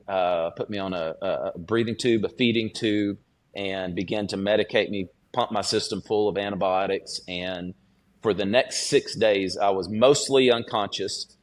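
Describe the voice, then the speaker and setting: A man with a fairly low voice tells his story as a podcast guest. He is earnest and unpolished, pausing and restarting with frequent fillers as he recalls what happened. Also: fairly even intonation. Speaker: student pastor, podcast guest. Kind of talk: personal testimony in a podcast interview.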